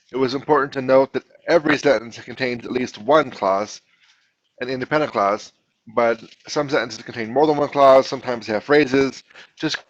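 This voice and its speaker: A man's voice: medium pitch, no echo. A male teacher talks his class through a lesson at a patient pace, often stopping to restart a phrase. His voice sits in the middle range. The recording is dull and dry, with little room sound. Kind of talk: classroom instruction.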